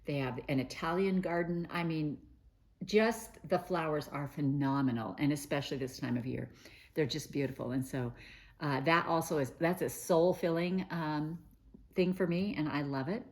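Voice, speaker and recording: A woman's voice: low-pitched, moderate pace, a little mellow. A middle-aged woman hosting a quilting show, talking in a chatty, gushing way with many fillers and restarts. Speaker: host of a quilting news show. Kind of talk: casual chat to camera.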